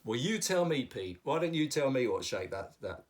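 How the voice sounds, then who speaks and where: Picked up by a distant mic, a man with a mid-range voice and big pitch swings teaches kids about shapes with puppets at a moderate pace. His hosting is playful, patient and teacherly, full of exaggerated emphasis.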